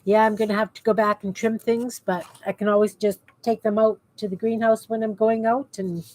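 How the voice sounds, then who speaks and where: Speaking at normal speed in a mid-range, darkish voice, a middle-aged woman keeps her delivery flat. She livestreams crafting from her home basement, chatting casually with viewers and muttering to herself while she works.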